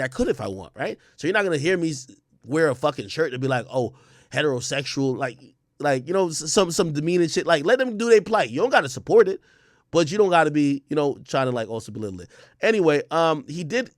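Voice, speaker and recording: A mid-range male voice, recorded dry and clean in a studio, gives casual livestream commentary. He's an emphatic, swearing commentator who keeps repeating words and restarting his sentences.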